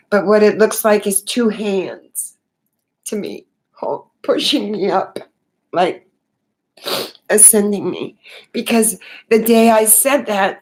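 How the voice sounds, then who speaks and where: A woman talking unscripted about her spiritual awakening, earnest and halting, with many fillers and restarts. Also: medium pitch. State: tearful. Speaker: spiritual vlogger.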